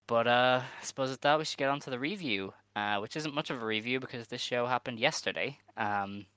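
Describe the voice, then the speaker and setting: A man's voice: mid-range voice, a little fast, bright, forceful tone, smooth, no room sound. A man with a Dublin accent co-hosting a podcast in casual, joking chat, laughing easily. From Ireland. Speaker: podcast co-host.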